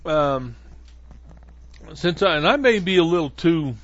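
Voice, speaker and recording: A man's voice: a little high, lively intonation, a little slow. A man hosting a podcast in a casual monologue, rambling along with many fillers and restarts. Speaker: podcast host. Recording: dull lo-fi dry sound.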